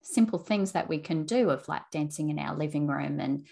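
Woman host, lower pitch, affirming, loose conversational delivery with restarts. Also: moderate pace, gravelly, husky. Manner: warm-hearted affirming, storytelling with restarts. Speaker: interview host. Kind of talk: conversational interview.

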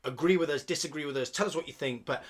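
A man's voice: fairly high pitch, racing. A man co-hosting a casual film-review podcast, sweary and jokey, often laughing. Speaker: podcast co-host.

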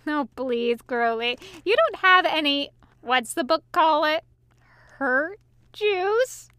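A woman's voice: sits high, animated, takes it slowly, pushed and bright, no echo, voice pushed up, exaggerated voice. A woman voicing a drunk, gleeful male angel who teases with cackling glee, in a fan fiction audiobook. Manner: laughing, gleeful teasing.

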